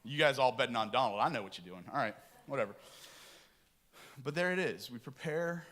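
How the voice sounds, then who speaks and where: A middle-aged man preaching a lively, joking sermon to his congregation in a church. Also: medium pitch, brisk. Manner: animated, joking and talking with the congregation. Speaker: pastor. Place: church sanctuary.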